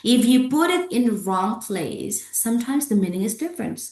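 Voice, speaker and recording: A woman's voice: on the high side, sing-song, moderate pace, darkish tone. A woman with an Indonesian accent teaching English pronunciation, drilling words aloud and checking in with "okay?" and "yeah?" between them. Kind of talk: classroom lecture with repeated model words. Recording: echoey room.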